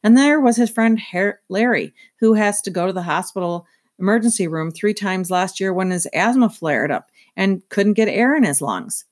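A woman narrating a children's novel aloud in a steady, clear storytelling manner. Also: mid-range voice, normal speed. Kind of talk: children's book read-aloud.

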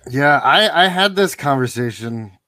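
A man's voice: medium pitch, expressive, unhurried, pushed and bright, dry recording. A podcast host, a man, reacting casually and asking puzzled follow-up questions. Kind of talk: casual chat.

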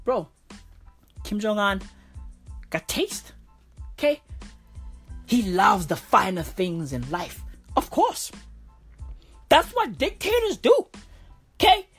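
A woman's voice: mid-range voice, wildly swooping pitch, slow, pauses often, husky, soft background music. A woman reading aloud and riffing with slangy, profane comic commentary.

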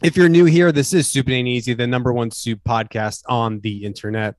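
A man's voice: mid-range voice, steady tone, brisk, no room sound. A man co-hosting a comedy podcast, with playful, self-mocking banter and stumbling restarts. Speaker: podcast co-host.

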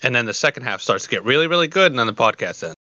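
A man's voice: mid-range voice, lively intonation, very fast, pushed and bright, no echo, highs cut off. A young man co-hosting a podcast, laughing along and agreeing in casual chat. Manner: laughing along, agreeable, swears when venting. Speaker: podcast co-host.

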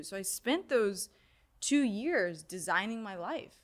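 A young woman, a sound healer, talks through a personal story in a relaxed interview. Her pitch sits in the middle range, and she keeps things animated and full of "like"s. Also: slow pace. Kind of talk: casual interview talk.

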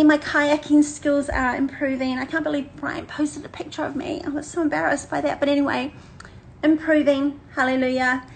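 An older woman, chatting warmly and energetically to a women's church group, laughing often and repeating phrases. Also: sits high, normal speed, a little hiss or hum, low-quality recording. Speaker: women's ministry leader. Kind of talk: casual livestream chat to a women's group.

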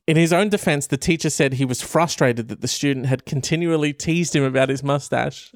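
A man reading and joking through a news article in comic commentary, animated and profane. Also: on the high side, a little fast, no echo, studio quality.

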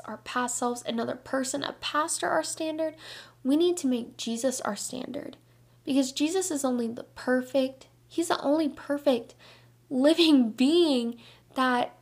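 Young woman, high voice, devotional podcast host, earnest, energetic, chatty. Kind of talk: Christian devotional podcast talk.

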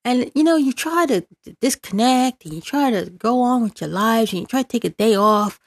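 A woman's voice: a little high, lively intonation, moderate pace, dry recording. A woman political commentator who reads out news, then rants in a sarcastic, exasperated way, repeating words for emphasis.

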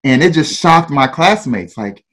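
A man's voice: fairly high pitch, unhurried. Ghanaian-accented man telling his story. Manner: relaxed, often laughs, ends lines with "right?" and "you know". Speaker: guest. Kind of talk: personal storytelling in an interview.

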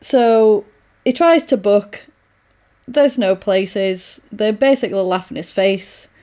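A woman's voice: mid-range voice, takes it slowly. Chatty woman recapping a film. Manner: animated retelling, acting out quoted lines with laughs. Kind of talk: casual film recap chat.

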